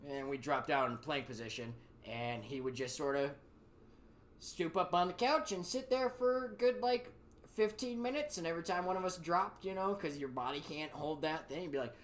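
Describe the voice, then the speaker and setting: A man in his thirties hosts a podcast, swapping profane stories in casual chat. He's animated, acting out other people's lines in raised voices. His voice sits on the high side and moves at a moderate pace.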